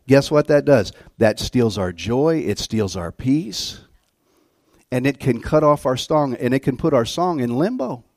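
A man preaching a sermon as a guest pastor, telling stories and swinging from quiet asides to loud outbursts. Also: mid-range voice, unhurried, dry recording, clean studio sound. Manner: animated storytelling, swings from soft to loud.

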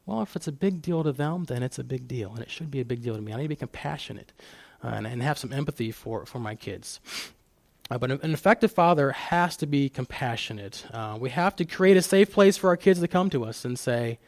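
A middle-aged man with an expressive, gravelly, darkish medium-pitched voice talks briskly, with no echo. He's a guest speaker at church, telling personal stories about fatherhood and restarting often.

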